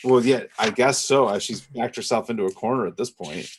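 A man co-hosting a podcast, casually recapping a TV episode from his notes in a relaxed, measured way. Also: medium pitch, a little hiss or hum. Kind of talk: casual chat.

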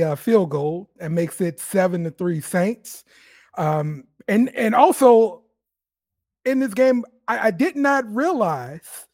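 Slow-talking game-recapping man. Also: high-pitched, darkish tone. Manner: unhurried recapping of plays. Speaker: podcast co-host. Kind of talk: casual sports chat, game recap.

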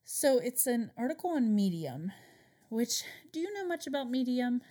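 A woman's voice: on the high side, very animated, normal speed, dark tone. Play a woman relaying a story to her co-host, loose and conversational, with fillers. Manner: chatty storyteller, many fillers. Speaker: podcast co-host. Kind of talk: casual chat.

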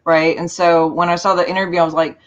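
A woman's voice: on the low side, flat delivery, quick pace, dull audio. A woman hosting a casual panel chat, effusive and emotional, rambling as she talks. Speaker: show host.

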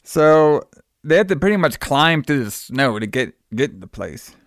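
A man's voice: a little high, big pitch swings, moderate pace, dry recording, clean studio sound. A man on a podcast recapping a movie in casual chat, rambling and repeating words as he acts out bits of dialogue. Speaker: podcast co-host.

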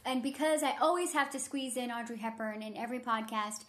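A woman's voice: on the high side, brisk, a bit bright, a little hiss or hum. A woman co-hosting a podcast, chatting casually and telling a story with lots of fillers. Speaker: podcast co-host. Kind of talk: casual chat.

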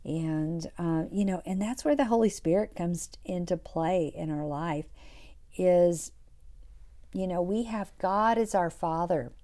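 A middle-aged woman hosting a devotional podcast, talking in a soft, reflective way and dropping to a whisper for scripture. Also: fairly low pitch, a little slow. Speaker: podcast host.

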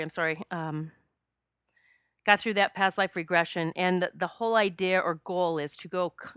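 A woman recounting a personal story as a past life regression specialist, speaking earnestly with frequent fillers and restarts. Her voice sits a little low and sounds smooth and resonant. The recording is dry and close, and she is at times choked up. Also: a bit bright, dry recording.

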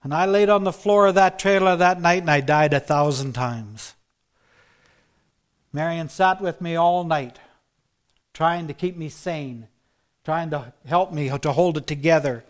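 A man preaching a sermon built on his own testimony, telling it earnestly and dropping to a hush for emphasis. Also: a little high.

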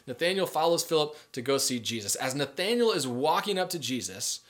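A young adult man preaching a casual sermon, telling a story in a conversational way and acting out the people in it with lively everyday speech. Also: a little high, brisk, few pauses. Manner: conversational, animated, acts out quoted voices with filler words. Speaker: pastor.

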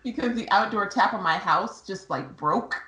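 A woman's voice: medium pitch, moderate pace, bright, forceful tone. Young woman, podcast co-host, self-mocking, laughing, roomy echo. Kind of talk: casual chat.

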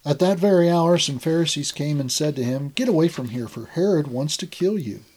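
Man, scripture reading, measured delivery, mellow, dark tone. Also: on the high side, lively intonation, husky. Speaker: scripture reader.

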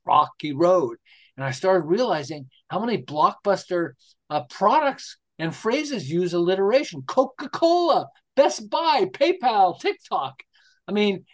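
A man in his sixties from the United States, an interview guest telling stories with laughs and rhetorical questions. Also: high voice. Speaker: interview guest, marketing specialist. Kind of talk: enthusiastic casual interview talk.

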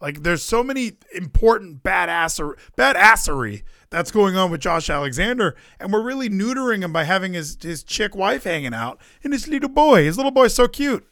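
Animated, high-voiced man ranting. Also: normal speed, hardly any pauses, no echo, studio quality. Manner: animated, sarcastic, shouts mock quotes. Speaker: podcast co-host. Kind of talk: casual wrestling chat.

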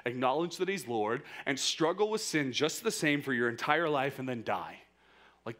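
Here a man in his thirties, a youth pastor, gives a heartfelt sermon to young people in a medium pitch. It's casual and full of "like," swinging from soft and intimate to loud and emphatic.

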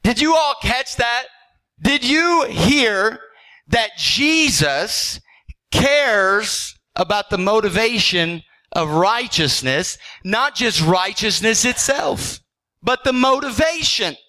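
A man's voice: high-pitched, lively intonation, slow, sharp tone, poor audio. A man preaching a sermon as a pastor, earnest and conversational, firing off repeated questions, checking in with "okay?" and often stumbling into restarts. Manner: frequent stammered restarts.

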